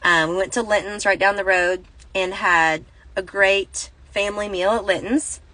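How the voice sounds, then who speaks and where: Woman, 30s, casual Christian vlogger, bright tone, close dry phone sound, rambling storyteller. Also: medium pitch, fairly even intonation, moderate pace, no room sound, low-quality recording. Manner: rambling, self-correcting, laughs through the story. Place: inside a parked car.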